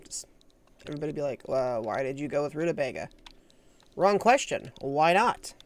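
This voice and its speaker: Chatty, lively woman streamer. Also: low voice, normal speed. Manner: chatty, self-mocking, laughs often. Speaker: game streamer. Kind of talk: casual live gameplay commentary.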